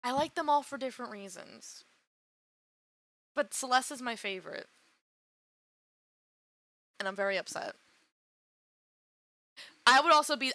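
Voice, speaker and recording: A woman's voice: mid-range voice, bright, forceful tone, dry recording. A woman streamer reacting to a game, dramatic and swearing, swinging between laughter and wailing. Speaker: VTuber streamer. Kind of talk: emotional let's-play reaction.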